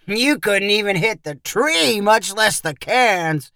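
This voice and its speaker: A woman's voice: medium pitch, animated, slow, a bit bright, no room sound, clean studio sound, voice pushed up. A woman voicing a rowdy male ranch visitor who taunts and mocks in a storybook reading. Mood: mocking. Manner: taunting, laughing.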